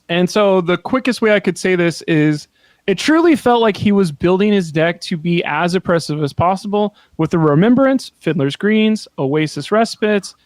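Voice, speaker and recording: A man with a rather high voice chats on a podcast, retelling a card game match in an animated, laughing way with a few curses thrown in. His voice sits close on the microphone in a dry, dead room. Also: no room sound. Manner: animated storytelling, swears, laughs often. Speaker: podcast co-host. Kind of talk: casual podcast chat.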